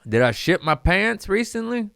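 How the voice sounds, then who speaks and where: A man's voice: sits high, very animated, moderate pace, creaky, a bit bright, dry recording, studio quality. A young adult man, a comedian, rambling casually and profanely, laughing between lines.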